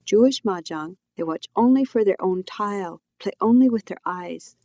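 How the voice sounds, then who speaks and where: A woman's voice: medium pitch, moderate pace, dark tone, dry recording, lo-fi sound, natural voice. A woman voicing a blunt older immigrant mother who explains things in clipped, broken English. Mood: instructive.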